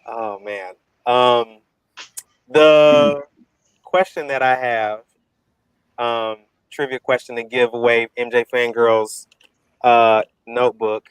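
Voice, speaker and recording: Easygoing man moderating, smooth dry voice. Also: medium pitch, fairly even intonation, no room sound, rough recording. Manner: easygoing, halting with ums. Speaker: debate moderator. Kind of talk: casual online debate.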